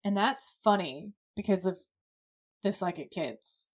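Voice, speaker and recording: A woman co-hosting a podcast, giving a lively, casual play-by-play recap of a TV episode with the odd swear word. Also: medium pitch, measured pace. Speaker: podcast co-host.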